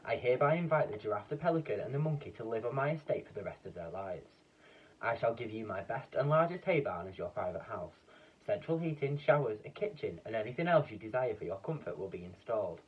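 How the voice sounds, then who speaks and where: A man voicing a grand, excitable old duke in a children's story, pompous and booming. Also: quick pace, breathy edge, narrow, tinny audio.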